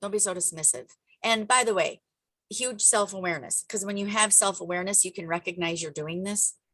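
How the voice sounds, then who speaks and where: A woman hosting a group video call, giving an energetic, emphatic motivational coaching talk full of chatty asides. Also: medium pitch, a little fast, no echo.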